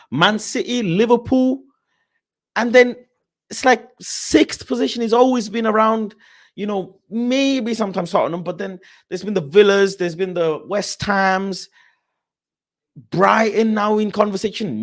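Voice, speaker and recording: Passionate, animated young man hosting a stream. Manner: animated, passionate, swinging between loud rants and low asides. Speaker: football livestream host. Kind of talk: casual live-stream chat reading super chats.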